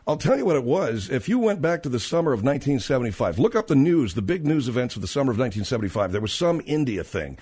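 A man's voice: a little high, darkish tone. Rambling male radio talk host. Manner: rambling anecdotes, lots of fillers and restarts.

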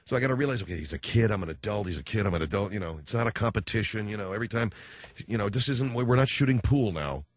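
A man's voice: fairly low pitch, expressive, quick pace, no room sound. A man in his forties delivering a rambling, self-mocking comedic monologue as a radio host. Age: 40s. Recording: slightly dull lo-fi recording.

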